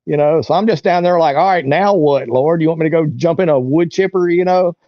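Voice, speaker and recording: A man appears as an interview guest, telling a long, rambling story in a folksy, casual way and saying "you know" and "like" a lot. His voice is a little high and fairly quick. The recording has no echo but sounds muffled.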